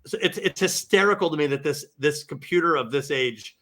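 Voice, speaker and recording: Host type: man in his forties, high and bright voice, amused and chatty. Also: brisk. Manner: amused, laughing, restarts mid-sentence. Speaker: podcast host. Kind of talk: casual film discussion.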